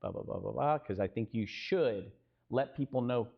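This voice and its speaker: This real estate co-founder speaks with a Texan accent, a gravelly mid-range voice and a moderate pace. Narrating a business story at a live panel, he plays out the dialogue with animation and asks the audience questions; the sound is tinny and narrow.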